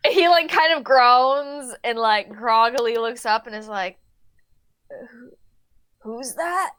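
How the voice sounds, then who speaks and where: Young female game master, casual and hesitant, fairly high voice. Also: fairly even intonation, a little slow, fairly bright tone, clean tone. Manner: casual, hesitant narration with fillers. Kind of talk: narrating a tabletop game.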